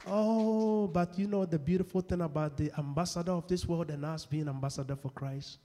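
A man preaching a sermon, asking the congregation questions and shouting at key points, acting out the people in his stories. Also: a little high, steady tone, fairly quick, hardly any pauses. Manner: call-and-response questions, shouts at peaks; acts out quoted people in dialogue. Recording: long hall reverb.

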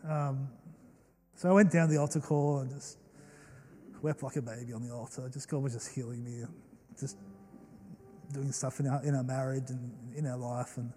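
A man's voice: medium pitch, steady tone, normal speed, long pauses, warm tone, a little hiss or hum. An Australian man in his young adult years, preaching a sermon and telling stories in an earnest, emotional way, with many fillers and restarts. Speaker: pastor. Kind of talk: storytelling sermon. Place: church hall. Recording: long church hall reverb.

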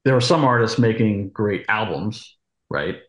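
A man co-hosting a casual chat talks in a relaxed, rambling way, sharing stories as a musician. His voice sits fairly low. The recording carries a noticeable room echo. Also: a little slow. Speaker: co-host, musician.

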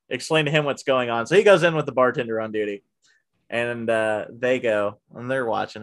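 A man chatting casually and telling a story from his job at a theater. His voice swings from loud bursts to hushed, muttered asides as he quotes himself. His pitch sits in a middle range. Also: a little fast. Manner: animated, drops to hushed asides when quoting himself.

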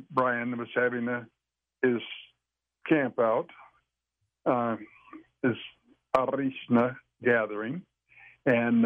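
A man's voice: medium pitch, no echo. Older man on a tinny phone line. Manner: rambling, folksy, halting with restarts. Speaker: podcast guest sharing Sasquatch experiences. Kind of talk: casual storytelling chat.

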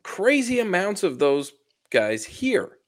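Brief: male co-host, casual rant, bouncy high-ish voice, sarcastic. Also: slow pace. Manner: animated ranting, swearing, passive-aggressive. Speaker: podcast co-host. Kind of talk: casual chat.

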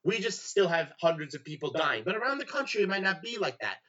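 Sarcastic, bright-voiced man on a dull line. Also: a little high, sing-song, fast. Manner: sarcastic, opinionated rants. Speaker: podcast co-host. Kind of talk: casual sports chat. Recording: dull lo-fi sound.

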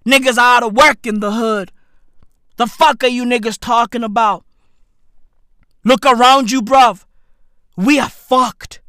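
High-voiced South African man ranting. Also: steady tone, measured pace, long pauses. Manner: swearing, with frequent shouted outbursts. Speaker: vlogger. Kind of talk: comedic rant.

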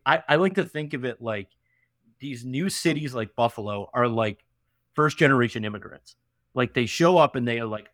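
A young man from upstate New York, telling his story as a podcast guest in an emphatic, animated way full of fillers and tag questions. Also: medium pitch, moderate pace, dry recording, clean studio sound. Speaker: podcast guest, venture investor. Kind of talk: casual interview storytelling.

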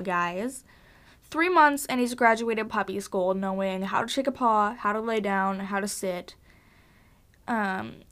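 A woman's voice: on the high side, sharp tone. A young woman hosting a casual solo podcast from her basement at home, chatting in a bubbly, gushing, rambling way with lots of fillers. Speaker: podcast host.

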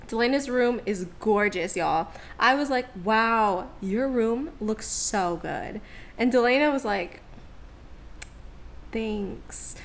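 A young woman co-hosting a podcast, telling a story in casual slang and laughing often. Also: on the high side. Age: young adult. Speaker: podcast co-host. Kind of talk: casual chat.

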